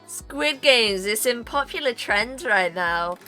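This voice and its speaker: A woman's voice: a little high, expressive, slow, bright, forceful tone, faint music behind. A British woman co-hosting a streamed chat podcast, playful and teasing, laughing often. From Britain. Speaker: podcast co-host.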